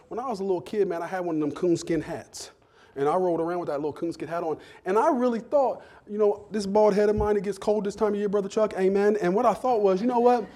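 A middle-aged male pastor, preaching a sermon that swings from hushed, slow passages to loud, joking riffs. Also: sits high.

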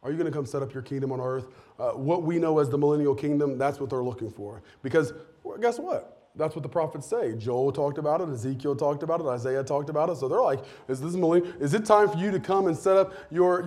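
A man's voice: on the high side, darkish tone. A man preaching a sermon in a chatty way, often laughing and acting out quotes. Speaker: pastor.

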